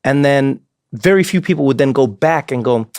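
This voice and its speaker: Relaxed, chatty male podcast host. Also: medium pitch, normal speed, smooth, dry recording, studio quality. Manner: relaxed, chatty, thinks aloud with fillers and restarts. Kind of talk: casual interview chat.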